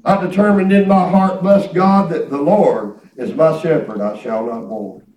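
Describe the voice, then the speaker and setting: A man's voice: a little high, measured pace, darkish tone, slight background noise. A man preaching, telling his own stories in a folksy way. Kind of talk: sermon testimony. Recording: echoey hall from far off.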